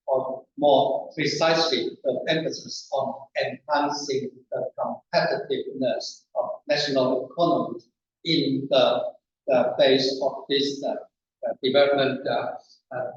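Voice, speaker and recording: A man presenting an academic paper at a conference panel, in a halting, deliberate way. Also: mid-range voice. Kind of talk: academic lecture. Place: conference room. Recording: distant, echoey, dull conference room recording.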